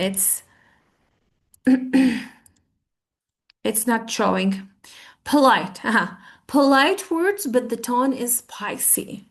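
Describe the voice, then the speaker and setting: A young woman teaches English on a video call, acting out example phrases in different tones and switching between English and as she explains them. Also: a little high. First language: Arabic. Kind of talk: online language lesson.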